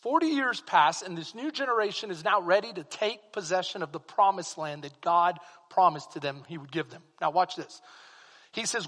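A man with a Texan accent preaching a sermon as pastor, swinging from quiet asides to fervent exclamations. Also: high-pitched, lively intonation, normal speed, big-room sound.

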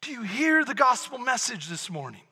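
Male preacher, high husky voice, dramatic swings from hush to shout, big echoing sanctuary. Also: sing-song, normal speed. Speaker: pastor. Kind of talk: sermon. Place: church sanctuary. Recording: long reverb of a large hall.

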